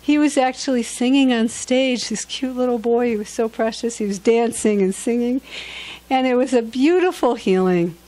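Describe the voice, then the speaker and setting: A woman's voice: fairly high pitch, normal speed. A woman minister telling healing testimonies to a church gathering, storytelling with frequent restarts and repeated words. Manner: warm storytelling with repetitions and restarts.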